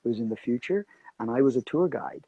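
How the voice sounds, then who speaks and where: A man being interviewed as an actor guest, telling animated anecdotes and acting out the voices of people in them. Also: medium pitch, quick pace, breathy edge, dry recording, narrow, tinny audio. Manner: animated storyteller acting out quotes.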